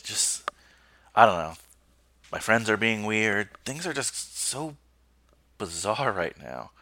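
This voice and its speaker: Brief: male podcast host, lowish pitch, animated delivery, jokey and quick to laugh. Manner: laughs often, jokey asides. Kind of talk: casual chat and show sign-off.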